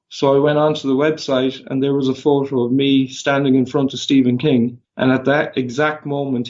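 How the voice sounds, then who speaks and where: Irish man telling lively anecdotes. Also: mid-range voice. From Ireland. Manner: animated, quick anecdotes with quoted dialogue. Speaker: podcast guest. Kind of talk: casual storytelling. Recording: slightly dull lo-fi audio.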